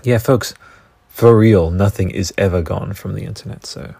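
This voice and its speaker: An Australian man talks through a loose solo podcast, cursing as he chases one tangent after another. His voice sits very low with a gravelly, husky grain. The recording is dry and close, with no room sound. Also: moderate pace, dry recording. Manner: profane, excitable, goes off on tangents. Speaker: podcast host. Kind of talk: casual solo podcast rambling.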